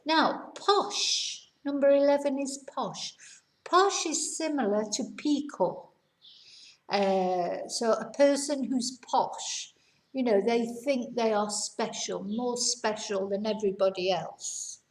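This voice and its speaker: Slow, patient woman teaching. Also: a little high. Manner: patient, explains each word with examples. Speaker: English teacher. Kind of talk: bilingual vocabulary lesson. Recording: roomy echo.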